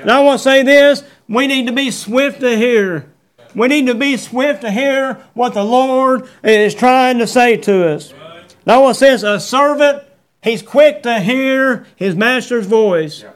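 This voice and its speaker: A middle-aged man preaching a sermon, quoting scripture and repeating refrains, with folksy phrasing and many halting fillers. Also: very high voice. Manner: preaching with Bible verse references and repeated refrains. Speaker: pastor.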